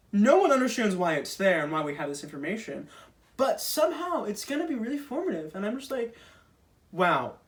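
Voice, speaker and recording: A man's voice: extremely high pitch, far from the mic. A young man performing a casual stand-up monologue, chatty and self-deprecating with lots of fillers. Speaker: stand-up comedian.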